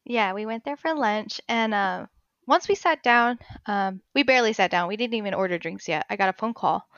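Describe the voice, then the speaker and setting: A young woman telling a personal story in a casual chat, getting emotional and animated as she retells it. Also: mid-range voice, moderate pace, clear, resonant tone, no room sound, lo-fi sound. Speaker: guest.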